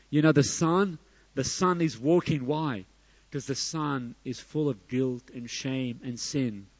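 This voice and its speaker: Slow, emphatic male preacher. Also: mid-range voice, no room sound, muffled recording. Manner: emphatic, surging to loud peaks then dropping soft. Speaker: pastor. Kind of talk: sermon.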